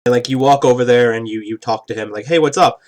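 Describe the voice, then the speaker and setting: A man's voice: medium pitch, fairly even intonation, quick pace, darkish tone. A man explaining the rules of a tabletop game in a rambling, casual way, often checking in with "right?". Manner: rambling, keeps asking "right?".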